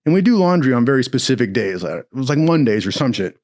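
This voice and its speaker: A young man spins a loose, rambling story, peppering it with curses and bursts of laughter. His voice sits at a middling pitch, animated and casual. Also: quick pace.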